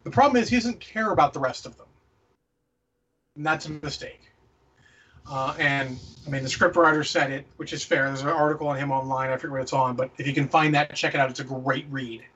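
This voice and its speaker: A man's voice: mid-range voice, fairly quick, fairly bright tone, slightly rough, distant mic, dull audio. A man co-hosting a casual movie review podcast, opinionated and ranting, swearing freely. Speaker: podcast co-host.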